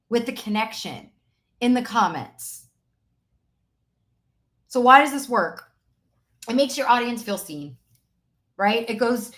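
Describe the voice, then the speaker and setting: An energetic woman, a business coach, giving a live-stream coaching talk and repeating key lines for emphasis. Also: sits high.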